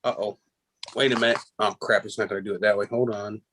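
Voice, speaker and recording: On a casual video call he hosts, a man with a fairly low, slightly bright voice talks quickly with fairly even intonation, and there's a little hiss or hum. His storytelling wanders and keeps restarting, full of self-mockery.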